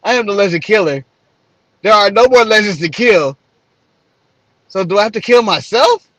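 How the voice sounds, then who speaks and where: A man's voice: high voice, expressive, normal speed, a bit bright, no room sound, muffled recording. A man mimicking a cocky wrestling champ. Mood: mock-serious. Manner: mock-serious, rambling self-talk. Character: cocky male wrestling champion musing to himself.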